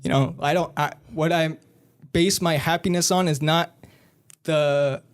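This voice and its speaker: A man's voice: a little high, steady tone, measured pace, clean tone. A man in a casual podcast conversation, reflecting thoughtfully on his own choices.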